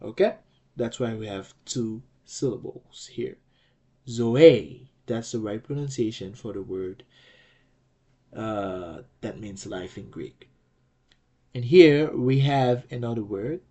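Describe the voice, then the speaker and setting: A man's voice: lowish voice, slow pace, dark tone, slightly rough. A man teaching a language lesson, explaining patiently, repeating key points and checking in with "okay?" as he goes.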